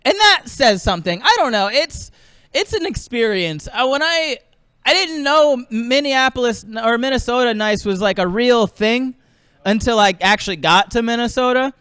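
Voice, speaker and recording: A man's voice: very high-pitched, animated, normal speed, bright, forceful tone, smooth, no room sound. A stand-up comedian from the American South, rambling through a set and laughing at his own jokes in a small streaming studio.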